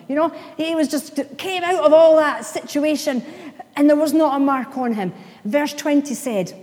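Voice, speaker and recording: A woman's voice: sits high, darkish tone. Woman preaching in a reverberant hall. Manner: emphatic, playful asides, slows down for emphasis. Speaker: pastor. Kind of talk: sermon.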